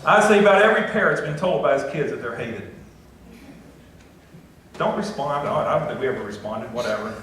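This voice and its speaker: A man's voice: fairly high pitch, a bit bright, a little hiss or hum. A middle-aged man preaching a conversational sermon as pastor, with folksy, self-deprecating asides. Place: church sanctuary. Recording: echoey church recording from a distance.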